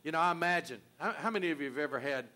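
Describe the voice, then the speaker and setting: Older pastor preaching, folksy and earnest, kinda high voice, drops soft then gets loud. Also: male voice, very fast. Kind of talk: sermon.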